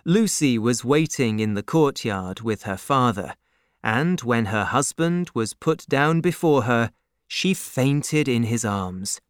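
A man narrating a story as an audiobook, with slow, expressive storytelling. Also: mid-range voice, clear, resonant tone, no room sound, studio quality.

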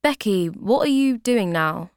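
A woman reading aloud gives a confident young man's casual, direct lines in her own slow, gravelly voice. The sound is dry and close. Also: mid-range voice, expressive, no room sound.

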